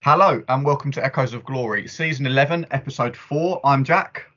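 A man's voice: medium pitch, brisk, a bit bright, dull audio. A man hosting a football podcast, talking earnestly with fillers and repeats. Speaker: podcast host. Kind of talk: casual football chat.

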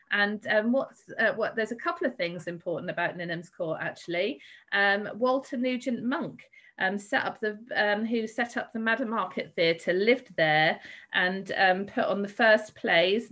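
A woman guiding listeners through a city walk in a podcast, with a voice of middling pitch. She speaks in an easygoing, conversational way, often pausing on "um" and restarting her sentences. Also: a bit bright, muffled recording. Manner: conversational, with frequent ums and self-corrections. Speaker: podcast co-host and tour guide. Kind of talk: casual walking-tour podcast chat.

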